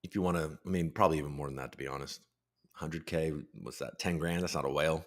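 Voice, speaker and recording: A man's voice: very deep voice, steady tone, quick pace. A tired man in his thirties hosting a live podcast stream, chatting loosely and reading out viewer comments. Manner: loose, rambling, reads chat aloud. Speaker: podcast host. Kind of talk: casual live-stream chat.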